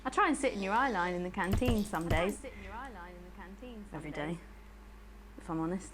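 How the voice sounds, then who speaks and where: A woman's voice: on the low side, expressive, moderate pace, noisy background, lightly acted. A woman playing a polished TV news anchor whose sign-off turns creepily intimate, with a posh voice. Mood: confessing. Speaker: news presenter. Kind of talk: live broadcast sign-off, in character.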